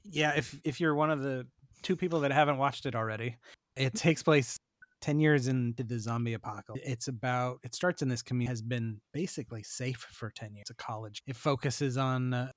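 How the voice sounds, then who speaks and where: A man's voice: medium pitch, fairly quick, dry recording, clean studio sound. A man appearing as a guest on a podcast, talking in easygoing casual chat and laughing often. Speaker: guest, show creator.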